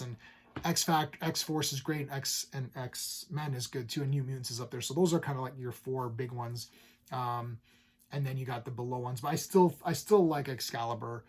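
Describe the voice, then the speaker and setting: A man's voice: mid-range voice, a little mellow. A man in an off-the-cuff comic book review, talking in a mid-range voice. He rambles enthusiastically, stumbling over restarts and fillers as he loosely retells the characters' lines. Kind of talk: casual comic review chat.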